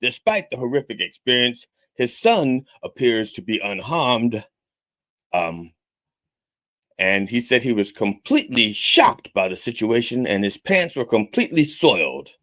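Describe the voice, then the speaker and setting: A man's voice: medium pitch, sing-song, measured pace, fairly bright tone. A man hosting a podcast in the persona of a reverend, delivering a profane comedic rant and tagging his points with a repeated okay. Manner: profane, repetitive, keeps asking okay. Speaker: podcast host styled as a reverend.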